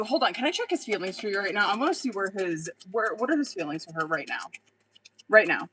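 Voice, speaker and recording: Woman, young adult, tarot reader, live-stream chat, bright, profane, blunt, laughs a lot. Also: mid-range voice, animated, fairly quick, slightly rough, poor audio.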